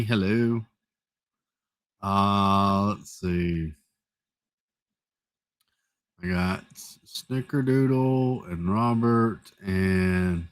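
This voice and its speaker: A man's voice: medium pitch, no room sound. A man hosting a live stream, chatting casually and greeting viewers one by one in a rambling, playful way while nursing a headache. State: has a headache.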